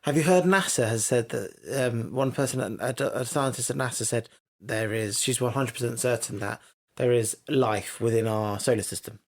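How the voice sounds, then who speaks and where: Man, podcast co-host, casual banter, blunt, teasing, mid pitch. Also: normal speed, hardly any pauses. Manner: teasing, blunt, playfully stubborn. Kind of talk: casual chat.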